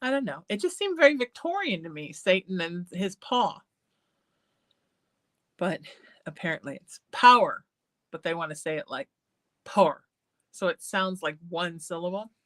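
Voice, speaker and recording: A woman hosting a live psychic show, chatting in a rambling way, laughing often and drifting into soft singing. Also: lowish voice, animated, moderate pace, no room sound. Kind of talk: casual live-stream chat.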